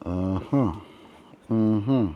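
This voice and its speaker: A man's voice: on the low side, extremely slow, phone-quality sound. A man hosting a casual toy unboxing review, chatty and enthusiastic, talking straight to his viewers with frequent restarts.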